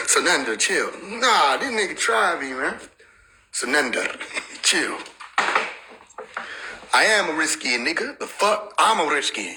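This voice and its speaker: Male streamer, fairly high and very bright voice, playful and laughing. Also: moderate pace, pauses often, slight background noise. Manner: laughs often, joking and animated. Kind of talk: casual livestream chat.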